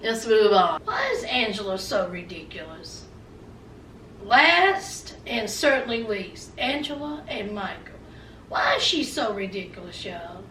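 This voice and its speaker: A woman's voice: medium pitch, big pitch swings, unhurried, a bit bright, far from the mic, slight background noise. A woman giving a sassy, laughing recap of a TV show, calling her viewers honey. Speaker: recap vlogger. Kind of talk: casual TV recap commentary. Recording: echoey room, voice away from mic.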